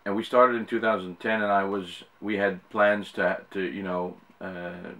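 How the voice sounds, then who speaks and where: A man's voice: sits low, flat delivery, unhurried, pushed and bright. A middle-aged Dutch man with an American-sounding English accent, talking casually to camera and rambling with lots of fillers and restarts. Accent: Dutch speaker with an American-sounding English accent. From Netherlands. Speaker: YouTuber.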